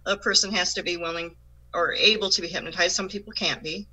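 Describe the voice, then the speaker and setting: Bright-voiced chatty woman medium. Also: lowish voice, steady tone, quick pace, low-quality recording. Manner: chatty, laughs often, many restarts. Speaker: psychic medium guest. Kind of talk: casual chat.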